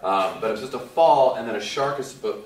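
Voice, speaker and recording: A man in his forties, an actor guest telling lively anecdotes to a convention audience, acting out what others said and laughing often. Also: mid-range voice, fast. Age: 40s. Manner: animated storyteller, acts out quotes, laughs often. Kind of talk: casual anecdote to a live audience. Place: convention hall. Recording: echoey hall, distant mic.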